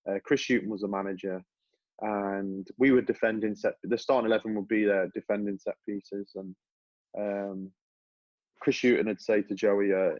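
A man's voice: lowish voice, moderate pace, no room sound, dull audio. A man, a former footballer, talking casually as a podcast guest, telling stories with many restarts. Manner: relaxed storytelling with many restarts.

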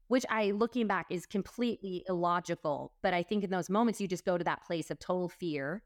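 A woman's voice: on the low side, moderate pace, no echo, studio quality. A woman guest in a conversation, telling a personal story earnestly, with a rush of quoted dialogue.

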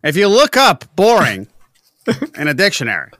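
A man's voice: high-pitched, wildly swooping pitch, normal speed, a bit bright, no echo. A man hosting a podcast in casual chat, joking around and laughing often. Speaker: podcast host.

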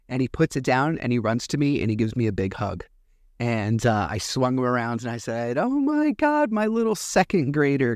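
A man in his thirties, hosting his own podcast, rambling through a personal story with lots of fillers and lively retold dialogue. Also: mid-range voice, no echo, clean studio sound. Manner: rambling, animated retelling with many fillers. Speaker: podcast host. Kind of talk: casual solo storytelling.

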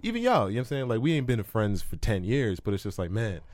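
A man's voice: fairly low pitch, big pitch swings, quick pace, a little mellow, no echo. A man chatting on a podcast with friends in a laid-back, earnest, slangy way. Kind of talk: casual podcast chat. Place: small podcast studio.

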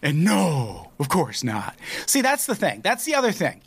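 Male podcast host, somewhat high voice, wry, sarcastic, casual talk. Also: wildly swooping pitch, normal speed, slightly rough. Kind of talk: casual political chat.

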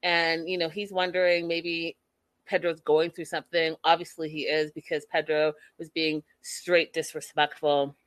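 A woman hosting a casual recap of a reality show, gossipy and animated, laughing at the scenes she retells. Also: low-pitched, normal speed. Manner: animated, gossipy, laughs at her own quotes. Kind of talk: casual chat.

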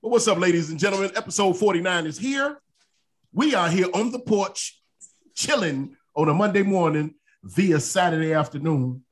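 Lively, playful male podcast host. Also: sits high, normal speed. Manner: playful, hyped show opener. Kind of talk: casual podcast chat.

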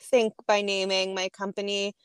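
A woman in her thirties from Boston, chatting as a podcast guest, laughing often and pausing with hesitations. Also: medium pitch, little pitch movement, clean tone, dry recording, clean studio sound. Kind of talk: casual interview chat.

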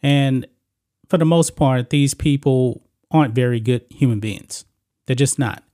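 A man's voice: mid-range voice, measured pace, dark tone. A male channel host giving opinionated celebrity news commentary, blunt and moralizing, talking straight to his viewers.

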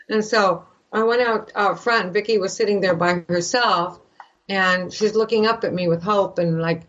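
An older woman from Canada, an actress guest, telling an animated story and acting out the voices of the people in it. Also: medium pitch, normal speed, dull audio. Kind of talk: animated anecdote in a podcast interview.

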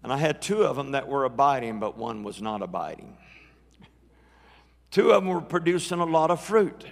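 A man's voice: mid-range voice, creaky. A middle-aged man preaching a live sermon in a church, emphatic and building in intensity. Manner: rising, emphatic preaching that climbs louder as he builds. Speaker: guest preacher. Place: church sanctuary. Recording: long church hall reverb.

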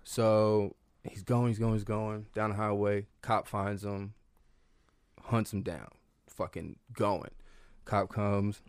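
A man's voice: on the low side, flat delivery, slow pace, a little mellow, smooth, no room sound. A man guest on a podcast, casually telling family stories in a loose, profane way with lots of fillers. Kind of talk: casual storytelling.

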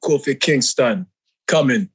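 A brash, money-hungry showman with a thick Jamaican accent, put on by a man in a podcast chat. He brags and hollers in a lively voice and drags his words out for effect. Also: medium pitch, breathy edge, voice pushed down. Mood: boastful. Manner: exaggerated, boastful, drawn-out shouts.

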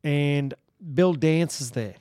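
A man's voice: on the high side, takes it slowly, dark tone, clear, resonant tone, no echo, clean studio sound. A man from Australia with an Australian accent, a podcast guest rambling through anecdotes with false starts and chuckles. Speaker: podcast guest, retired bull rider. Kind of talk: casual storytelling.

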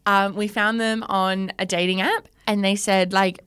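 A woman's voice: mid-range voice, level tone, fairly bright tone, clean tone. An Australian woman co-hosting a podcast, chatting casually and laughing often between jokes. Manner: giggly, chatty, quick to joke. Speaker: podcast co-host. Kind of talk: casual chat.

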